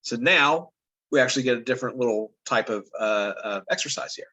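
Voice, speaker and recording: A man talks through a spelling lesson as an informal commentator, pausing often and restarting his sentences. His voice is of middle pitch and sounds easygoing, like a teacher thinking aloud over the material. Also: highs cut off. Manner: relaxed and halting, with many fillers and restarts. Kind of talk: casual spoken commentary.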